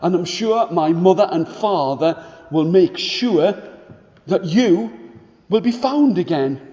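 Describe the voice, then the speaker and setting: A man voicing a sweet little boy who talks high and giggly with delight. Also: animated, takes it slowly, mellow, long reverb tail, dull audio. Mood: eager.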